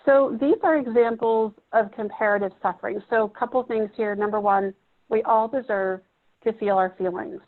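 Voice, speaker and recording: A woman's voice: on the high side, fairly even intonation, moderate pace. A woman gives a reflective teaching talk to a room of therapists, putting questions to the audience. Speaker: presenter at a training. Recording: muffled phone-like audio.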